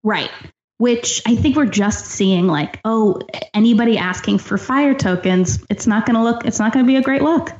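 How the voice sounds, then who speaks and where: A woman's voice: fairly high pitch, normal speed, a little mellow. A woman co-hosts a casual podcast and works through her thoughts with many restarts. Her voice comes through an echoey room on a dull, lo-fi mic. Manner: thinking aloud with many restarts. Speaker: podcast co-host.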